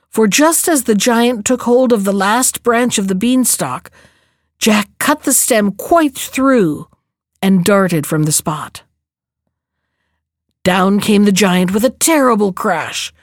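A woman narrating a fairy tale in a clear, measured storybook reading. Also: mid-range voice, no echo, clean studio sound.

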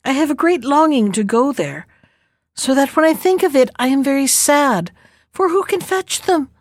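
Woman reader as a sad young maiden; soft, wistful, coaxing, dry close recording. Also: high voice, expressive, moderate pace, no room sound, voice pushed up.

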